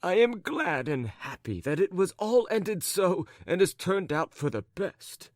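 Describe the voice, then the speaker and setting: Guy doing a flustered fawning hubby, babbles and stammers, jumpy pitch. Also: big pitch swings, a little slow, no room sound, studio quality. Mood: eager babbling. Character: flustered jealous husband, fawning and rambling.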